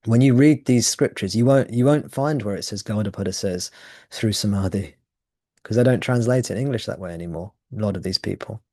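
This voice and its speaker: Man, spiritual teacher, mellow low voice, dry close sound, explanatory, self-correcting. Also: fairly quick, no echo. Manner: thoughtful, explanatory, restarts phrases. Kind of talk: satsang talk.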